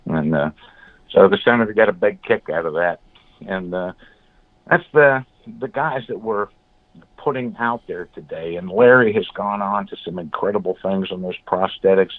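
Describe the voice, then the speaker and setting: A man guest in an interview, telling blunt, animated stories and acting out what others said. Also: deep voice, normal speed, dry recording. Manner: blunt, animated storyteller, acts out quotes. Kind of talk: storytelling in an interview. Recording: phone-like, dry call audio.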